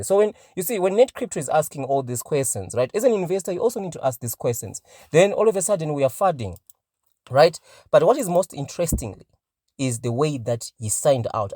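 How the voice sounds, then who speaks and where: A man's voice: mid-range voice, warm tone, dry recording. Emphatic male crypto commentator, casual vlog delivery, dry and close. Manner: emphatic, peppers talk with "right?".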